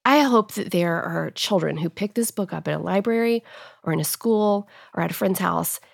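A woman's voice: lowish voice, normal speed, gravelly, dry recording, clean studio sound. A woman in her thirties, an author guest talking about her book on a podcast, emotional and laughing often. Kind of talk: podcast interview.

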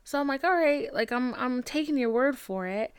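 A woman's voice: high-pitched, moderate pace, clean tone, dry recording. Young woman, solo podcast host, candid, self-deprecating, profane, filler-heavy, dry close sound. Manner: frank, self-mocking, profane, with lots of "like" fillers.

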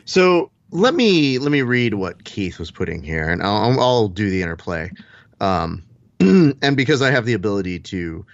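Deadpan male podcast host, muffled. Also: lowish voice, moderate pace, no echo. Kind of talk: casual comedy podcast banter.

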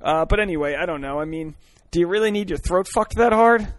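Male podcast host, thirties, rambling comic monologue from a car, a bit high-pitched, dry. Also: a little fast, dry recording. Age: 30s. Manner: crude, rambling, joking, many fillers and restarts. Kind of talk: solo comedic podcast monologue.

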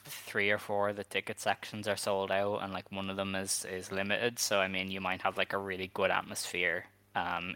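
This low-pitched man sounds bright, forceful, and smooth, with no room sound, as he co-hosts a podcast. He chats casually and opinionatedly, dropping quick asides full of "like" and "um."

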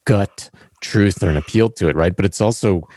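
A man's voice: deep voice, moderate pace, darkish tone, dry recording, studio quality. A man co-hosting a podcast in casual chat, wry and hesitant, with lots of "you know" and "like". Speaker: podcast co-host.

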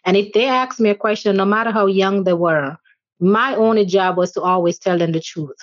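A woman's voice: mid-range voice, normal speed, no room sound. Woman, 40s, thoughtful interview guest, dry close sound. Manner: earnest, reflective, with frequent fillers. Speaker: organization chair, interview guest. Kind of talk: conversational interview answers. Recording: slightly dull lo-fi audio.

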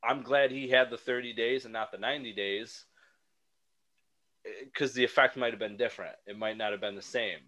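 Bright-voiced man chatting on a podcast. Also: medium pitch, normal speed. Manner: animated, rambling with restarts. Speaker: podcast co-host. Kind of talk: casual chat.

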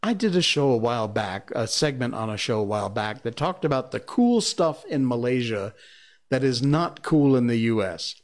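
A man's voice: medium pitch, big pitch swings, moderate pace. Male host, from Connecticut, casual solo monologue, meandering and chatty. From Connecticut, United States. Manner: chatty and rambling, with frequent ums and asides. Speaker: show host. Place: living in Malaysia.

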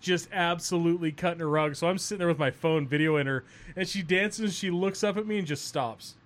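A man's voice: on the high side, fairly quick, a bit bright. A man co-hosting a podcast in casual chat, telling a light anecdote with wry, joking asides. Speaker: podcast co-host.

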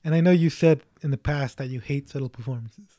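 A man's voice: mid-range voice, quick pace, dark tone, no echo, clean studio sound. A man co-hosting a casual movie chat, joking and rambling, laughing often.

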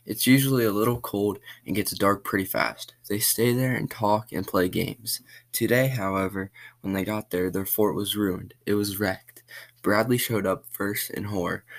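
A man reads a spooky short story aloud in a plain, unhurried manner. His voice is low and gravelly, with a steady rough fry under it.

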